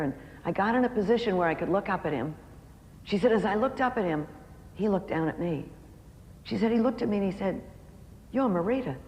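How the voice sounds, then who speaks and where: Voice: medium pitch, a little mellow. Heartfelt storyteller in an echoey hall. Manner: heartfelt storytelling, slows for emphasis. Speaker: speaker. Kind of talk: storytelling sermon. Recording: echoey hall with faint background noise.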